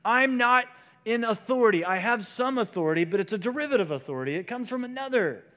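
Pastor preaching in a reverberant hall. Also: male voice, extremely high pitch, lively intonation, fast, bright, forceful tone. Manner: conversational preaching, shifts into quoted voices. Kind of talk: sermon.

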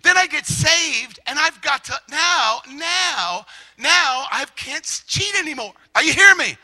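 A middle-aged man preaching a lively testimony sermon, shouting and animated, acting out quotes as he tells the story. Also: extremely high pitch, a little slow, rough recording.

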